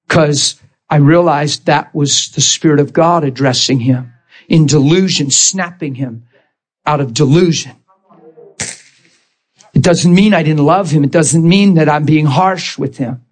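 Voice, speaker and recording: A man preaching in a sermon, telling a personal story with emphatic, dramatic bursts. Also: on the high side. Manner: emphatic, dramatic retelling with sudden loud bursts.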